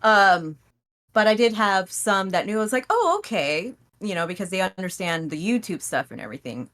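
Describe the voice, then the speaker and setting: A woman guest on a podcast, telling stories about streaming in a casual, animated way, acting out her own reactions and laughing often. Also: medium pitch, fairly quick. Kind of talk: casual interview chat.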